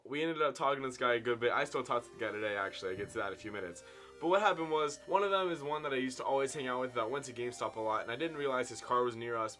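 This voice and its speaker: Young man, bright forceful voice, casual story time, animated swings in pitch and volume, indoors. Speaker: vlogger telling a story. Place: indoor room at home.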